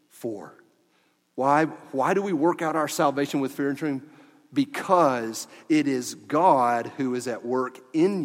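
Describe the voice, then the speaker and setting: A man preaching a sermon as pastor of a church, animated and at times dropping to quiet emphasis. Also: on the high side. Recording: long church hall reverb.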